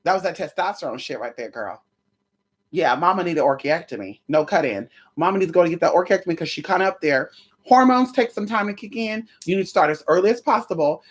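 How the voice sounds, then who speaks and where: Her voice is on the low side and she speaks at a quick pace. Chatting casually on her vlog, she spills a story in a cheeky, gossipy style, swears liberally, and delivers it all dramatically and expressively.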